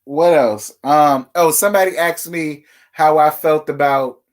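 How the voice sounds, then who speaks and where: A sassy, chatty man hosts a laid-back reality TV gossip livestream, talking directly to viewers. His voice is fairly high and his pace measured.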